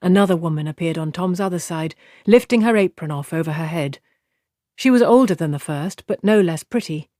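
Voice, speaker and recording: A man narrating a fantasy audiobook in an even, measured way. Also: a little high, no echo, clean studio sound.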